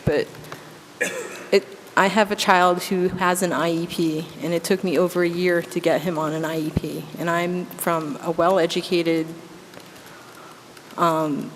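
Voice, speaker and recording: A woman's voice: on the low side, little pitch movement, unhurried. A woman in her thirties speaking as a school committee member at a public meeting, making an earnest, impassioned appeal. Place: town meeting room. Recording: echoey meeting hall, faint background noise.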